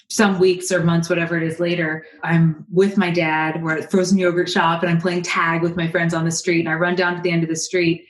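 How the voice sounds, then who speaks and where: A woman from California, a guest coach on an interview podcast, telling a personal story in a lively, animated way. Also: lowish voice, roomy sound. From Berkeley, California.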